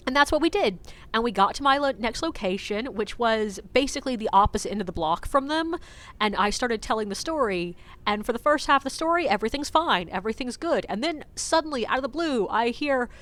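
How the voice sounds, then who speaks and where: A woman's voice: fairly high pitch, fairly bright tone. A woman who works as a ghost tour guide, telling a story casually and acting out what people said, with lots of "like" fillers. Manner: chatty, lots of "like" fillers, acts out quotes.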